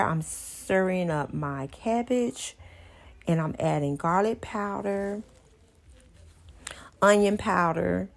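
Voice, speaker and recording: A woman's voice: deep voice, gravelly. A woman hosting a cooking channel, giving chatty, homey step-by-step instructions in a casual voice-over.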